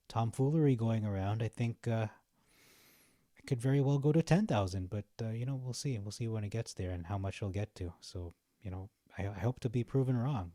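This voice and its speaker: Casting note: young male vlogger, chatty and easygoing, low mellow voice, dry close sound. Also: dry recording. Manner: chatty, laughs at his own jokes, frequent fillers. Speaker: stock market vlogger. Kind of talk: casual rambling commentary while browsing.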